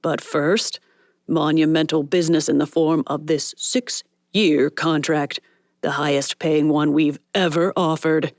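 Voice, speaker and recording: A woman narrator voicing a pushy, blustering male studio boss who talks in a booming, showy way. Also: steady tone, unhurried, dry recording. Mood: commanding.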